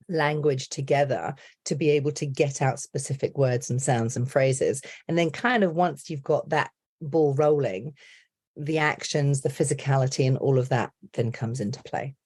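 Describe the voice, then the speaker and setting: A middle-aged woman from the UK, an accent coach, talking in a chatty, animated way as a podcast guest. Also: rumbling low, slightly rough. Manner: animated, chatty, laughs often. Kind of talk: casual podcast interview.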